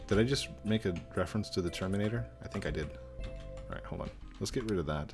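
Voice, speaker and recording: A man hosting a gaming video, playing along with jokey, excitable commentary and sudden exclamations. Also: deep voice, normal speed, pauses often, music in the background. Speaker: gaming channel host.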